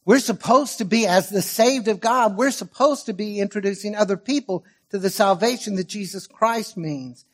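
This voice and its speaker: Male pastor, higher register, emphatic sermon delivery with dynamic swings and slow stressed words. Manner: emphatic, swings from loud stresses to quiet asides; stretches key words slowly for weight.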